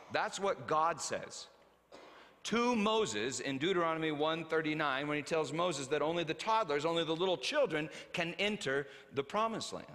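A man preaching a sermon, a father telling stories about his children, animated, swinging from loud to hushed. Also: fairly high pitch, big-room sound. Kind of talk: sermon with acted anecdotes.

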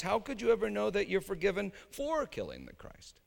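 A man preaching a sermon dramatically, swinging from hushed lines to shouting. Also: high voice, wildly swooping pitch, moderate pace, creaky, few pauses. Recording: reverberant hall.

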